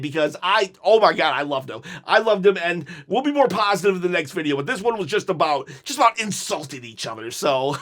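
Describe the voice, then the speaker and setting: A man hosting a casual reaction commentary, animated, laughing often and mimicking the lines he quotes. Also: high voice. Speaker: channel host reacting to clips.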